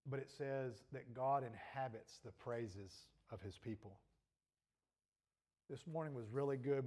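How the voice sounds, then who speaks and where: A man's voice: mid-range voice, darkish tone. A male pastor preaching a sermon earnestly, his voice rising and falling in intensity, with a troubled throat.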